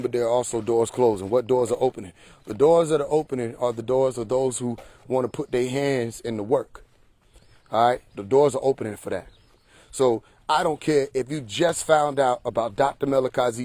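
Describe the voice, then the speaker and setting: A man with a medium-pitched, darkish voice hosts a casual livestream monologue, emphatic and preachy, firing off rhetorical questions and laughing often. It was recorded on a phone, with no echo.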